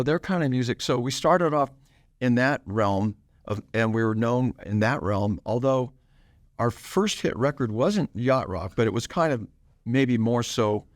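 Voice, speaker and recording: An older man talking as a band musician guest in an interview, easygoing and rambling, with halting restarts as he tells stories. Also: medium pitch, no echo, studio quality. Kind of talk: relaxed interview storytelling.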